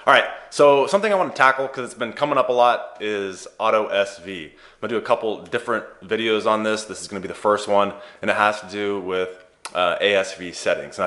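A man's voice: fairly low pitch, a bit bright. A man hosting an advice channel, giving a casual explainer with chatty, playful joking asides. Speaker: host of a sleep therapy advice channel.

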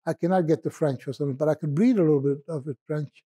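Male poet guest, reflective and halting, husky and warm. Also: a little high. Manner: halting, stumbling over words and restarting; musing and reflective. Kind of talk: casual podcast conversation.

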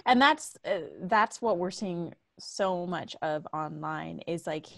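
Lower-voiced woman hosting a podcast. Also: slow pace, vocal fry, a bit bright, no echo, clean studio sound. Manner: conversational, emphatic, casual. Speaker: podcast host and life coach. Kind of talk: podcast interview.

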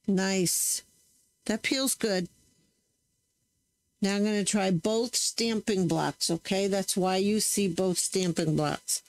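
A woman hosting a crafting channel chats casually with viewers as she tests stamps, often correcting herself while she works. Her voice is mid-range with a darkish tone, and the audio is poor.

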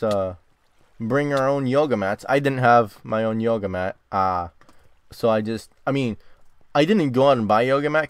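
A young man hosting a gaming video, chatting casually and often swearing and yelling when startled, recording in a dark closet. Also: mid-range voice, smooth, dry recording. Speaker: gaming channel host. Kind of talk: casual game commentary.

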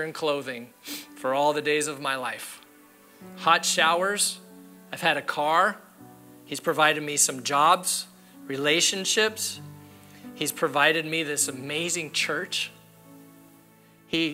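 A man's voice: fairly high pitch, sharp tone. A man, a pastor, preaching a sermon in an earnest, candid storytelling way, repeating key phrases for emphasis. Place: church sanctuary.

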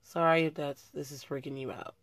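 Speaking in a low, steady voice at a brisk clip, a young beauty vlogger walks through her makeup tutorial while she works. She's chatty and keeps correcting herself, and the recording has no room sound.

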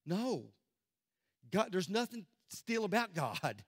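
A man preaching a sermon as pastor, swinging from loud declarations to hushed near-whispers. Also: sits high, sing-song, slow pace, slightly rough, no room sound, studio quality. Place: church sanctuary.

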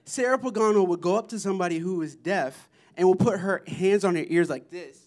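High-voiced man telling excited church testimonies. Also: brisk. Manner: excited, animated, laughing storytelling. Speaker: mission trip member giving testimony. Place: church service.

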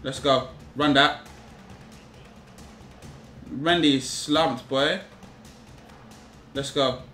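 A young man commentating live on his own football game, repeating himself and shouting in frustration at his players. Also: mid-range voice, fairly even intonation, extremely slow, roomy sound, faint music behind. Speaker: gaming YouTuber.

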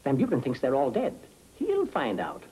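An actor playing a nervous attorney in a 1940s film, urgent, clipped and impatient. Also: male voice, mid-range voice, wildly swooping pitch, moderate pace, dark tone, breathy edge, low-quality recording. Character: nervous, hurried male lawyer.

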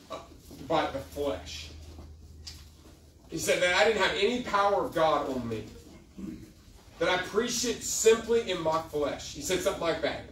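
A man preaches at a youth service, his voice pitched high and cutting bright. He stumbles through restarts, then builds to emphatic peaks. The sound is roomy and echoey, picked up from some distance in a church hall. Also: a little hiss or hum. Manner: emphatic preaching with many restarts and rising climaxes. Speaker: youth pastor. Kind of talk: sermon. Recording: echoey room heard from a distance.

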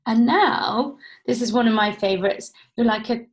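A woman, a vocal coach leading a guided vocal warm-up at home, playful and encouraging. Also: on the high side, moderate pace. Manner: encouraging, playful instruction with demonstrated sounds. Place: home, indoors.

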